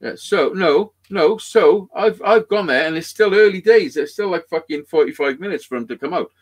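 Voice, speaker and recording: A man's high voice moves at a moderate clip as he tells a long, wandering story during a casual podcast chat. He's animated and curses a great deal.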